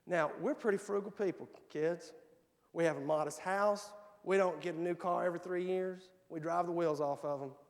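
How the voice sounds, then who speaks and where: A man's voice: high voice, steady tone, moderate pace, long reverb tail. A male pastor preaching a sermon and telling personal family stories. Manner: tells personal family anecdotes, quoting his kids. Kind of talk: sermon storytelling. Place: church sanctuary.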